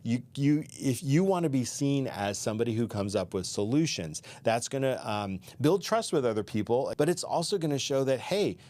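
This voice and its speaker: A man's voice: medium pitch, lively intonation, normal speed, hardly any pauses, mellow. A middle-aged man hosting a career advice talk, speaking conversationally with asides and restarts. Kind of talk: solo advice talk to camera.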